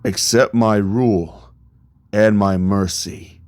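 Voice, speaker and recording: A man voicing a proud young god-king who makes slow, grand, solemn declarations. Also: fairly low pitch, steady tone, a little mellow, dry recording, studio quality. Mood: regal, stern.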